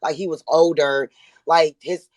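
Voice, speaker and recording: A woman from Buffalo, New York, calling in to a heated debate, talking in halting, rambling runs full of fillers. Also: low voice, steady tone, darkish tone, no echo. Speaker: caller.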